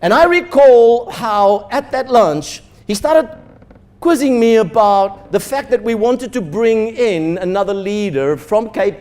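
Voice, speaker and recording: A man's voice: sits high, darkish tone. A man, a pastor, telling a story in a sermon and acting out the dialogue with animation. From South Africa.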